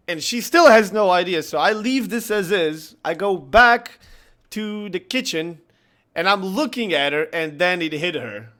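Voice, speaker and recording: A man's voice: sits high, normal speed, bright, forceful tone. A man hosting a gaming channel, telling a funny home story in a chatty way and laughing often as he goes. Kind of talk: casual vlog storytelling.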